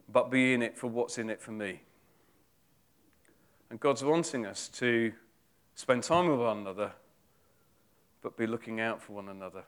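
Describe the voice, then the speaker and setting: A man preaching a sermon, retelling a Bible story in a chatty, informal way with fillers and asides. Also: medium pitch.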